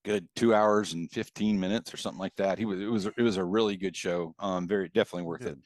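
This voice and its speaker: A man's voice: deep voice, fairly even intonation, quick pace, no room sound. A man co-hosting a podcast, rambling through casual stories and laughing as he tells them, on a video call. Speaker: podcast co-host. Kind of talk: casual chat.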